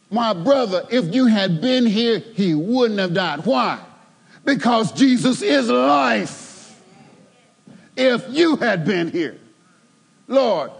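Preacher, male, high voice, slow deliberate sermon delivery with loud fervent climaxes. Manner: emphatic preaching, rising to loud fervent peaks.

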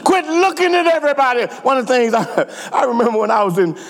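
A man's voice: extremely high pitch, fast. A middle-aged man, preaching a sermon and telling a story with emphatic repetition. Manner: animated, repeats words, emphatic. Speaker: pastor. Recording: echoey hall.

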